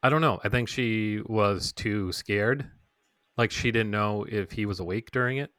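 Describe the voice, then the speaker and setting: A young man co-hosts a casual podcast and walks through an episode recap. His voice is low with a bright edge, recorded dry and close. He teases his co-host and fills pauses with lots of "uh". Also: dry recording. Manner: teasing, many "uh" fillers when reading notes.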